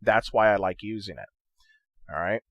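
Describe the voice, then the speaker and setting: A gaming-channel host walks viewers through audio editing in a casual screen-recorded tutorial, chatting loosely and checking in with "okay?" and "right?". His voice is lowish and a bit bright, at a moderate pace, in a dry recording.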